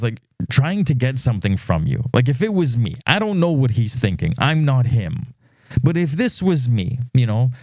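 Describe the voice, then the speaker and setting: A man's voice: mid-range voice, no room sound, clean studio sound. A podcast host, a man, tells a dating story in a casual monologue, acting out quoted messages with plenty of fillers. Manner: animated storytelling, acts out quoted texts; frequent fillers.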